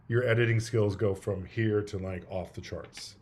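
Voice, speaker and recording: A man's voice: lowish voice, fairly even intonation, moderate pace, darkish tone, slight background noise. Upbeat, chatty male guest. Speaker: interview guest. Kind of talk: casual video-call interview.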